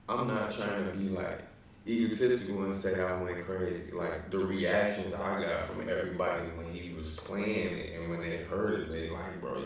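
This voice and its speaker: A young man from Chicago tells a story in a relaxed, rambling way, with a Chicago accent and plenty of slang and fillers. His voice is low and gravelly. He sits away from the mic in a room that echoes heavily. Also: distant mic. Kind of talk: casual storytelling.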